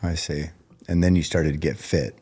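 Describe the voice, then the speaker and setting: A man hosting an interview podcast, asking relaxed questions and giving many short affirmations. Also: extremely low pitch, normal speed, husky. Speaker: podcast host.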